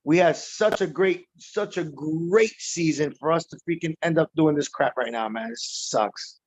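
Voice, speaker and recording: Tipsy rambling fan, highish voice. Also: male voice, dry recording. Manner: loose, rambling, laughing, tipsy from drinking. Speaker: baseball fan on a livestream. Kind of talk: casual livestream reaction chat. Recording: dull dry lo-fi sound.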